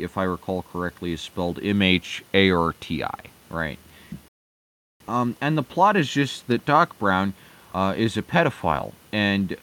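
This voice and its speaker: A man delivers a heated, profanity-laced commentary rant in a somewhat low voice. He talks with frequent fillers and stumbling restarts. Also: a bit bright. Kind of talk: ranting commentary.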